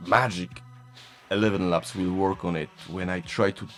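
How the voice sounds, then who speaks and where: Low in register, fairly even in intonation and a bit bright, this man's voice runs at a normal pace. He's a Polish vlogger, native in Polish and accented accordingly, casually discussing tech while chuckling and poking fun at himself, with faint music behind him.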